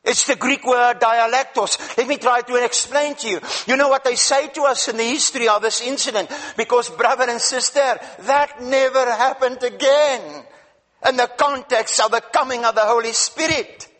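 High-voiced emphatic preacher man. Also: steady tone, normal speed, few pauses, sharp tone. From Africa. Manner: emphatic, repeats words, asks the congregation questions. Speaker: guest preacher. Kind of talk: sermon.

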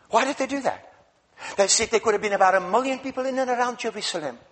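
High-voiced emphatic preacher man. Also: a bit bright. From Africa. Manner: emphatic, repeats words, asks the congregation questions. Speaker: guest preacher. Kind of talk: sermon.

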